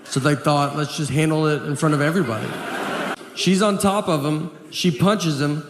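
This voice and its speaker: A man doing a stand-up comedy set, telling rambling stories in a deadpan, understated way, full of fillers. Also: on the high side, normal speed. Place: large theater stage with a live audience. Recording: reverberant hall with audience noise.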